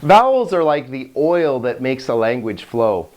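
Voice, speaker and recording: A middle-aged man gives a recorded language lesson with real enthusiasm. His voice rises and falls in an animated way as he explains, and he chuckles now and then. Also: medium pitch, measured pace. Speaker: Greek teacher.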